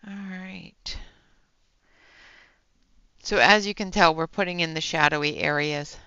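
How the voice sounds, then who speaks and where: A woman's voice: fairly low pitch, unhurried, bright, forceful tone, smooth, no room sound, muffled recording. A woman hosting a coloring livestream, chatting casually with her viewers as she works, with many fillers and frequent laughs. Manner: chatty, reads and answers chat, laughs often, many fillers.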